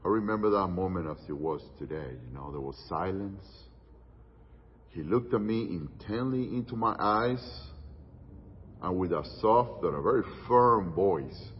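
Male preacher, husky, somewhat low voice, storytelling with dramatic pauses, muffled church hall with long reverb. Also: expressive. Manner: storytelling, dramatic pauses, drops to hushed tones for quotes. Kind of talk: sermon.

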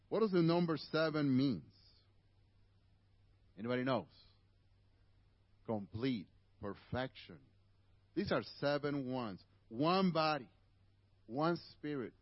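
Man preaching, Spanish accent, native Spanish speaker, high voice, animated swings in pitch, dry slightly dull sound. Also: no echo. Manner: animated, conversational preaching with asides to the congregation. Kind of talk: sermon. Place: church.

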